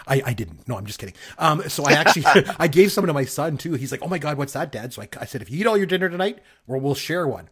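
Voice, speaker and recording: Man from Canada, middle-aged, husky voice, quick delivery, rambling excited storytelling. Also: a little high. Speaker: podcast co-host. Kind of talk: casual chat.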